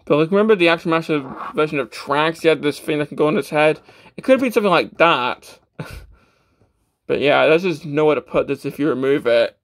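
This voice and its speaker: Man, fairly high voice, casual toy review, stammering, lots of fillers. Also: brisk. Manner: stammering, with many fillers and restarts; self-deprecating, matter-of-fact.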